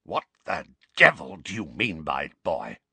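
A man playing a furious, bullying middle-aged uncle who snarls and croaks with rage. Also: medium pitch, wildly swooping pitch, a little slow, a bit bright, dry recording, pitched above the performer's own voice, exaggerated voice.

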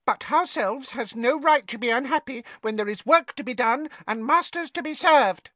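A man voicing a humble, apologetic male house elf servant with a squeaky voice and servile broken grammar. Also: moderate pace, sharp tone, no echo. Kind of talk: audiobook character voice.

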